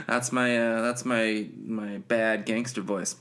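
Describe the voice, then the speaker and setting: A man hosting a casual solo podcast, his voice a little hoarse. He talks slowly and drawls through his points, and keeps stopping to restart with fillers. His pitch sits in an ordinary middle range. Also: animated, fairly bright tone. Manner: rambling, many fillers and restarts. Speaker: podcast host.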